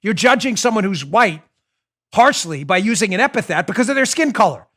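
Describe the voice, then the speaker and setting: A man hosting a political commentary show, talking in an animated, mocking, rant-like way into a studio microphone. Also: sits high, fairly quick. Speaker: show host.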